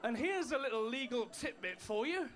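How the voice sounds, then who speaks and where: A man's voice: very high voice, animated, normal speed. A man doing stand-up comedy, dry storytelling with put-on posh voices. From England. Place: comedy club stage with an audience.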